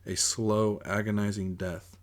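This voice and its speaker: A man's voice: lowish voice, flat delivery, unhurried. A man reading his own novel aloud in first-person audiobook narration, in an earnest, plain way.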